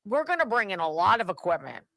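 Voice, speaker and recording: A woman's voice: mid-range voice, big pitch swings, fast, gravelly, pushed and bright, dry recording. A woman hosting a talk radio show, giving sarcastic political commentary and chatting with her live audience. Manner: sarcastic and chatty, drops to asides.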